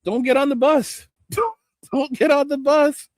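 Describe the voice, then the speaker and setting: With a very high pitch, fairly even intonation, a measured pace and a darkish tone, this man speaks with no echo. He's a livestream host who rants and rambles with heavy profanity and stammered restarts, addressing viewers directly and reading their chat aloud.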